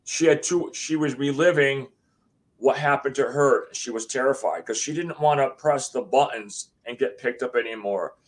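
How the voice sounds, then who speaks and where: A man from the USA, a guest on an interview show, telling his story in a rambling, animated way and acting out what people said. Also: mid-range voice, moderate pace. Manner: rambling, acts out quotes, swears.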